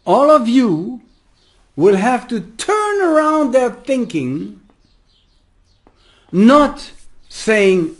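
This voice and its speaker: A man with a German accent giving a rambling spiritual talk as a teacher, laughing often and swinging from soft asides to loud declarations. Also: very high-pitched, big pitch swings, very slow, long pauses.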